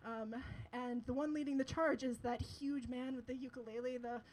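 A woman's voice: sits high, fairly even intonation, normal speed, a little mellow, poor audio. A young woman telling a personal story to an audience, chatty and laughing often, with lots of filler words.

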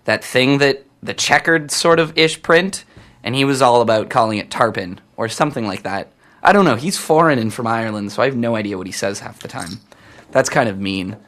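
A young Canadian man works as a campus radio DJ, chatting casually on air in a mid-range, fairly bright voice. He wanders off topic and corrects himself often.

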